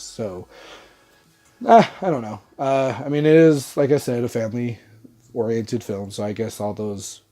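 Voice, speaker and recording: A man's voice: lowish voice, mellow. A young man with a stuffy, congested nose from a cold, giving a loose, rambling movie review with lots of "uh" fillers. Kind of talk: casual spoken movie review.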